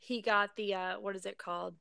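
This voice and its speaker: A woman's voice: mid-range voice, steady tone, a little fast, vocal fry, sharp tone, smooth, dry recording, clean studio sound. A young woman chatting casually, searching for words and laughing at herself. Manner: searching for words, self-mocking. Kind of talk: casual chat.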